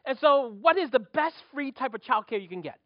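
Animated New pastor preaching. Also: male voice, extremely high pitch, a little fast, dry recording, dull audio. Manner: animated storytelling with rhetorical questions. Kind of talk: sermon.

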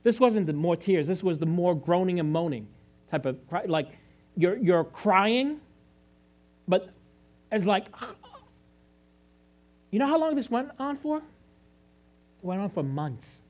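A man's voice: sits high, sing-song, takes it slowly, long pauses, a little mellow, muffled recording. A man from China, a pastor, giving a personal testimony sermon, earnest and confessional, often restarting and rising in emphasis.

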